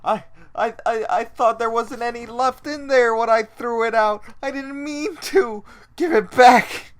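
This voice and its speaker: A man voicing a panicked young cartoon schoolboy who pleads desperately, in a high, loud put-on voice. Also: measured pace. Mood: pleading.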